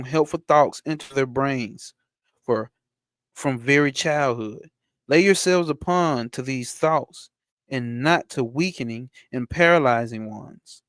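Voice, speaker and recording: A man teaching spirituality. He reads a text aloud slowly and breaks off into blunt, slangy asides with profanity for a live chat. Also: medium pitch, smooth, dry recording, studio quality. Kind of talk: reading a text aloud and commenting on it.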